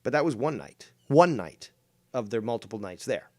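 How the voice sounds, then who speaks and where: A man's voice: mid-range voice, very animated, moderate pace, no room sound, clean studio sound. A man giving casual, rambling commentary on a stream clip, sarcastic and swearing freely.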